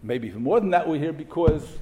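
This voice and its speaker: A man's voice: a little high, animated, a little fast, warm tone, slight background noise. A middle-aged man giving a sermon to a yeshiva audience, emphatic, asking rhetorical questions and mixing in Hebrew terms. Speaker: rabbi giving a memorial talk.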